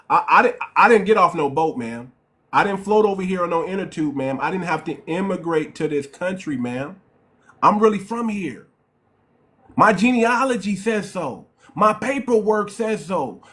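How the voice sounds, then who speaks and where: A man with a New York accent hosts a heated live-stream debate. His voice sits high for a man, and he lectures emphatically and repeats his points. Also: fairly bright tone. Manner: emphatic, repetitive, lecturing, keeps saying ma'am.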